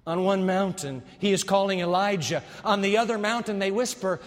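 A man's voice: high voice, a little fast, hardly any pauses. A man preaching a sermon dramatically, with much rhetorical repetition. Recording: long hall reverb.

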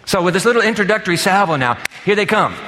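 A man's voice: high voice, quick pace, long reverb tail, a little hiss or hum. Older male pastor preaching, conversational. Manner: animated, conversational, emphatic. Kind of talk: sermon. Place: church sanctuary.

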